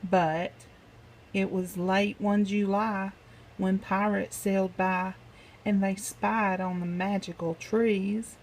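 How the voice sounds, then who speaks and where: A woman reads a rhyming picture book aloud, taking her time over each line. Her pitch sits in the middle, and her delivery is rhythmic and sing-song. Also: little pitch movement, slow pace, darkish tone, rough recording. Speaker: storybook reader.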